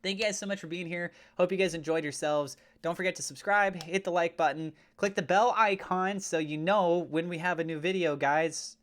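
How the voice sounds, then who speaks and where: A man hosting a crypto channel, talking through price levels on charts in a steady way, with fillers like uh. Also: sits high, normal speed, few pauses. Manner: mock-gushing and over the top when praising. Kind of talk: chart analysis commentary.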